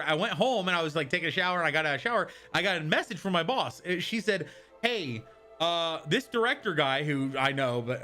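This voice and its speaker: A man's voice: a little high, sharp tone. A young man chatting casually on a live stream, rambling and answering viewers from chat as he goes.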